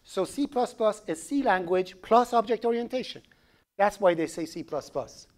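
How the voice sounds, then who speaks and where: A man with a Persian accent giving a programming lecture, animated and joking, asking the class questions as he goes. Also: sits high, moderate pace. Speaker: programming instructor.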